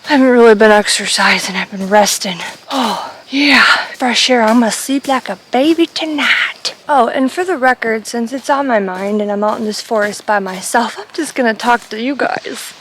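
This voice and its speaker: A woman's voice: fairly high pitch, normal speed, hardly any pauses, fairly bright tone, a little hiss or hum, low-quality recording. A woman vlogging while walking alone in a forest, chatting and joking in a rambling way, a little out of breath. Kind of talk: casual chat while hiking. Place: forest outdoors.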